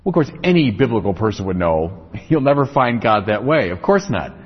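A man with a slightly husky voice gives a religious talk, his pitch rising and falling freely as he builds his points in lists and asks rhetorical questions. The sound is dull and lo-fi, with a long echo trailing behind his words. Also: sing-song, brisk. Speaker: speaker on religion. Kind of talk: lecture-style religious talk. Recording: echoey, dull lo-fi recording.

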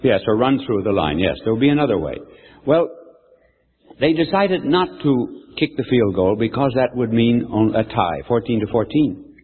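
An older male preacher tells a folksy sermon story, stopping to quiz the crowd. His voice is slightly husky and swings widely in pitch. The sound is thin and phone-like, with a long echo from a large hall. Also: normal speed. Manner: animated, folksy storyteller who quizzes the audience.

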